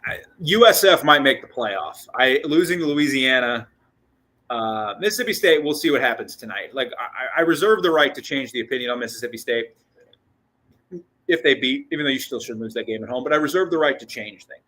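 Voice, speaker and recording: A man with a bright, forward voice talks through a casual postgame show as its host. He rambles excitedly, restarting sentences and doubling up on words, and he sounds a bit out of breath. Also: medium pitch, brisk, poor audio. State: short of breath. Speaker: sports podcast host.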